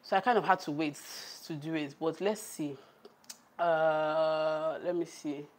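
A woman's voice: deep voice, fairly even intonation, a little slow. Chatty Nigerian woman cooking on a livestream. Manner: chatty, laughs often, reads out the live chat. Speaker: cooking vlogger. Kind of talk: casual chat on a cooking livestream. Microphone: camera on a tripod.

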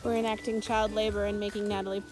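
A woman's voice: mid-range voice, level tone, fast talker, over loud music. A woman vlogging casually outdoors in an orchard, bubbly and giggly as she chats. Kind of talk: casual vlog chat.

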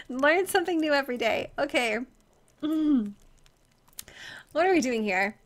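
A woman's voice: high-pitched, animated, normal speed, fairly bright tone. A young American woman streaming live, chatting casually with viewers, giggly, flustered and self-deprecating. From United States.

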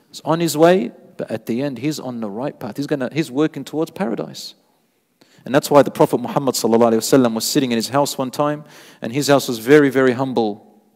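Male sheikh, mosque sermon, expressive storytelling delivery with Arabic quotations, slightly high pitch. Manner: animated storytelling, rising emphasis, quotes Arabic scripture. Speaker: sheikh giving a mosque lecture. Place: mosque lecture hall. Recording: long hall reverb.

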